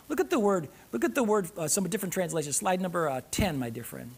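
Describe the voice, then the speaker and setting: A male pastor preaching a sermon in a church, reading scripture aloud and repeating phrases, swinging between loud urgent emphasis and low, soft asides. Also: lively intonation, fast, few pauses, breathy edge. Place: church sanctuary.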